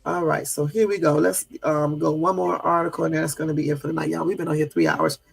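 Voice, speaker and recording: A fast-talking man with a slightly high, slightly rough voice and vocal fry hosts a casual livestream, keeping his intonation fairly even. Indignant and rambling, he leans on lots of fillers while chatting with his viewers and responding to them.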